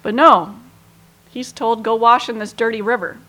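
Woman, a little high-pitched, conversational Bible teacher who acts out the quotes. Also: steady tone, normal speed, pushed and bright. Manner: conversational, lots of you-knows, acts out quoted lines with feeling.

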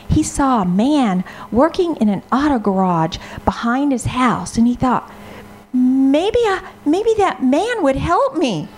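A woman telling a children's story in an expressive, dramatic way, gasping and pausing for effect. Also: on the high side, slight background noise.

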